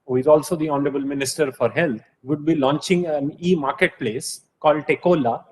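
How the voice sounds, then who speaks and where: A man introducing a conference session, speaking in a measured way with frequent fillers. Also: on the high side, poor audio. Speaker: session moderator.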